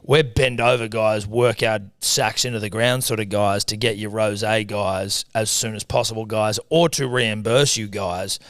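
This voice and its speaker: A young Australian man co-hosting a podcast, swearing freely and jumping in loudly in casual comedic chat. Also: lowish voice, measured pace, few pauses, no echo, clean studio sound. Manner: animated, sweary, jumps in loudly. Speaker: podcast co-host.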